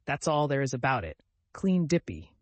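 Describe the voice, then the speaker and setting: A man's voice: mid-range voice, very animated, moderate pace, dry recording. A man voicing an irritable older uncle in an audiobook, snorting and indignant. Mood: angry. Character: blustering older uncle, quick to anger.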